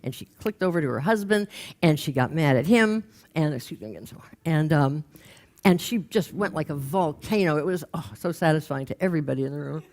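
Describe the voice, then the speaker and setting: An older woman from Los Angeles telling a humorous story in a stage talk, lively and quoting people as she goes. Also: low-pitched, a little fast. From Los Angeles, USA. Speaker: speaker. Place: stage before a live audience.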